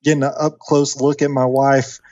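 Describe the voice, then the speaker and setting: Man, 30s, chatty animated podcast storyteller, dry dull mic. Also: mid-range voice, moderate pace, dry recording. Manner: animated storyteller, acts out quoted voices, many fillers. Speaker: podcast guest. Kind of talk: casual storytelling.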